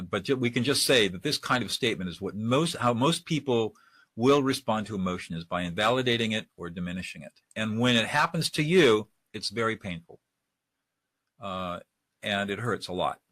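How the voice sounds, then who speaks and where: A man's voice: lowish voice, expressive, fairly quick, a bit bright, no echo. A man giving a webinar lecture on de-escalation, speaking conversationally and acting out example lines. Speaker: de-escalation trainer.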